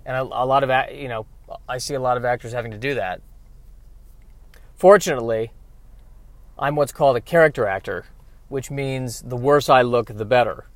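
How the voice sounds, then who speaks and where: A man's voice: mid-range voice, normal speed, pauses often, no echo. A man, an actor, chatting casually in a self-deprecating, rambling way while driving his car. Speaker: character actor.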